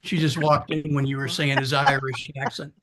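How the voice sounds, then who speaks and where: A man's voice: medium pitch, little pitch movement, moderate pace, a bit bright. A man on a casual panel, eagerly cutting in to pass on a remark. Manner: eager, interrupting.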